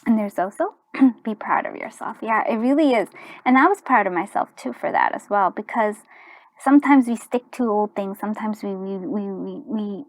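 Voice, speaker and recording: A woman reading tarot cards in a casual chat, with a hoarse, fading voice that keeps clearing its throat, rambling with restarts and dropping into soft half-whispered asides. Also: mid-range voice, animated, normal speed, no echo. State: hoarse, voice going. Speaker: tarot reader. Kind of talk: casual pick-a-card reading.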